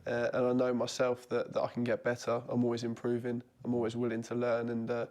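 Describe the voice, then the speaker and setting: A man's voice: medium pitch, completely flat delivery, a little fast, a little mellow. A man, a goalkeeper guest from southern England, answering interview questions earnestly with some hesitation.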